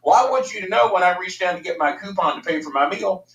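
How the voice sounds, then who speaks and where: A man telling a long comic story in a loud, ranting, profane way, laughing as he goes. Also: high voice, fast talker, recorded from a distance, background noise. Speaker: storyteller guest. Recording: roomy, from off mic.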